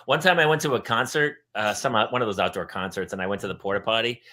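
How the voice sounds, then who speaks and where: A man hosting a parenting talk show, telling comic stories and acting out the people in them with loud shouted voices. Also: on the low side, fast. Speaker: podcast host. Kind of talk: comedic storytelling chat.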